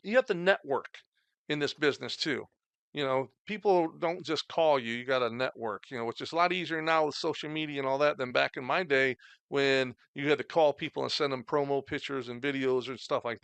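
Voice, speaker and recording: Creaky-voiced man telling stories. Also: on the high side, a little fast, a bit bright, no room sound. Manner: rambling, many "you know" fillers. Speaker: podcast guest, former wrestler. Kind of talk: casual storytelling chat.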